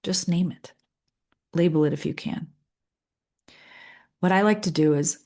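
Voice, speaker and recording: A middle-aged leadership coach with a deep, gravelly voice leads a guided coaching session. She sounds calm and earnest, repeating phrases with pauses.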